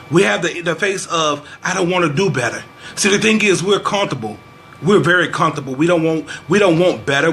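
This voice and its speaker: A man's voice: sits high, bright, forceful tone. Fervent preacherly man venting frustration. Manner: fervent, preacherly, scripture-quoting exhortation; frustrated, repeats phrases for emphasis. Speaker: vlogger. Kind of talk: preachy social commentary vlog.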